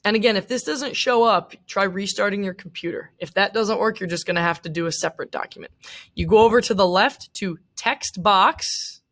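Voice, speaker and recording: A woman's voice: medium pitch, brisk, a bit bright. A young woman teacher giving a casual recorded lecture, chatty, with many fillers and asides.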